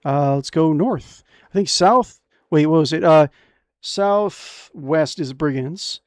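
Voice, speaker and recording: A young man with a voice on the high side speaks at a slow pace in a dry, studio-quality recording. While streaming a fantasy adventure game, he reads its text aloud with crude jokes, his casual commentary excitable and full of humor.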